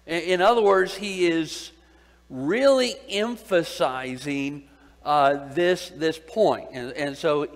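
A man teaching a Bible sermon, pausing often to ask his listeners questions and repeating his key points. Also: sits high. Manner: deliberate, asks the audience questions and repeats key phrases. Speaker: preacher. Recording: long hall reverb.

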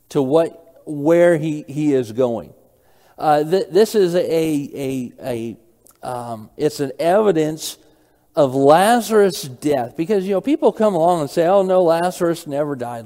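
A man's voice: on the high side, lively intonation, takes it slowly, mellow, in a large hall. A man preaching a Bible study sermon. He asks his listeners questions, repeats key phrases and reads verses aloud.

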